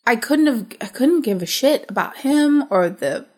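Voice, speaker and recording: A woman co-hosting a casual movie review chat, frank and dismissive, talking in quick animated bursts. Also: fairly high pitch. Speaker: podcast co-host reviewing a movie.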